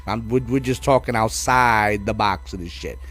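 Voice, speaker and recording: A man's voice: on the low side, moderate pace, faint music behind. A man telling a funny story in a casual chat, profane and full of fillers. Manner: animated, profane, heavy on fillers. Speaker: podcast co-host.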